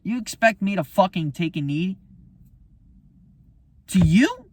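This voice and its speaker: A musician rants about his album in a casual, unscripted monologue that's heated and profane. His voice is high and brisk, recorded with no echo.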